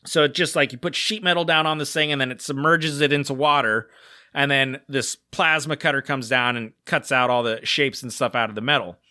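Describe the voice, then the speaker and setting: A man in his thirties co-hosts a podcast, spinning a long anecdote in loose, rambling talk packed with fillers. His voice is bright and forward, recorded dry and close with no room sound. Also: mid-range voice, steady tone, a little fast, no room sound. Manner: rambling, many "like" fillers, acts out quoted voices. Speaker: podcast co-host. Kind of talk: casual storytelling.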